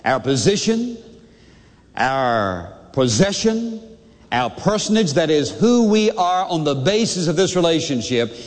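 A man's voice: fairly high pitch, sing-song, measured pace, big-room sound. An older man preaching a sermon as pastor, emphatic and asking his listeners questions.

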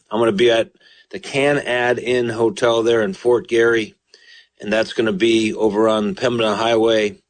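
A man preaching on a radio broadcast, reading scripture aloud and earnestly pleading with listeners. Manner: earnest, pleading, rises in pitch voicing the psalmist. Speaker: radio preacher taking calls.

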